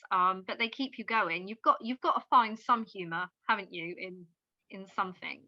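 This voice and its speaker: A woman speaking in a gentle, encouraging way in a conversation. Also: mid-range voice, moderate pace, no echo, lo-fi sound. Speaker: podcast co-host. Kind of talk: supportive conversation.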